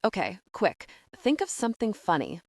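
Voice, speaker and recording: A woman's voice: mid-range voice, wildly swooping pitch, normal speed, darkish tone, no echo, clean studio sound. A woman reading the part of an earnest, eager American businessman.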